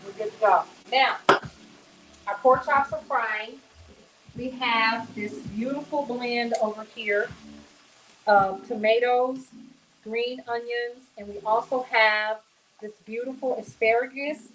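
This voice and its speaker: A woman's voice: fairly high pitch, fairly even intonation, takes it slowly, fairly bright tone, poor audio. A woman hosting a casual home cooking demonstration, talking to viewers in a chatty, folksy way. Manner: chatty and folksy, addresses viewers as y'all and honey. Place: home kitchen.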